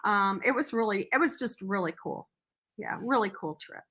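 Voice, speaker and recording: Bright, animated middle-aged woman storyteller. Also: mid-range voice, moderate pace. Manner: earnest, animated storyteller who acts out quotes. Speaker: podcast guest, nonprofit founder. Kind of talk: casual storytelling interview.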